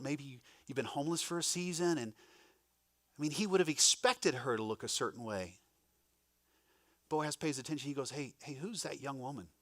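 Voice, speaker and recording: A man's voice: fairly high pitch, a bit bright, no room sound, clean studio sound. A male pastor giving a conversational sermon, breaking off for asides to the congregation. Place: church.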